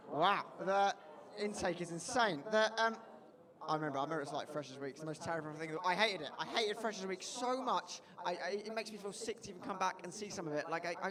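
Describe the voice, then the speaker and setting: High-voiced male comic, rambling and self-deprecating; live room with reverb and audience. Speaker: stand-up comedian. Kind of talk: stand-up set. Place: student bar venue. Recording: reverberant hall with loud crowd.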